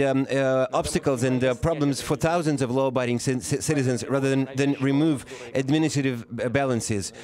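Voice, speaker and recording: A man giving a live interpretation of a formal speech, halting and often pausing to correct himself. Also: medium pitch, darkish tone. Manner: halting, with frequent pauses and self-corrections. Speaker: simultaneous interpreter.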